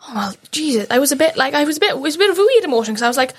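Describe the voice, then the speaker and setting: A woman's voice: sits high, big pitch swings, rapid-fire. A young woman with a British accent, a podcast co-host speaking in a heartfelt, rambling way. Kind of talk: emotional podcast conversation.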